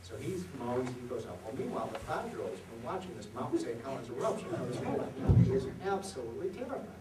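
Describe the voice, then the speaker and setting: Animated male economist in an echoey hall. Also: medium pitch, fast, recorded from a distance, a loud crowd. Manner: animated storyteller, rhetorical questions to the audience. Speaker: economist giving a dinner speech. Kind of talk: after-dinner policy speech with jokes. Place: event hall at a reception.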